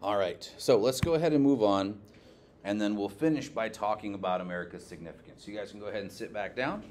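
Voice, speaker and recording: A male teacher giving a classroom lecture, lively, quizzing his students and checking in with "okay" often. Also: on the low side, fast, slight background noise.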